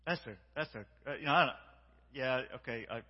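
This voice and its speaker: Man, guest preacher, sermon, call-and-response, hushed to shouting, long church reverb, muffled sound. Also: medium pitch, brisk. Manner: swings between hushed and shouting. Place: large church sanctuary.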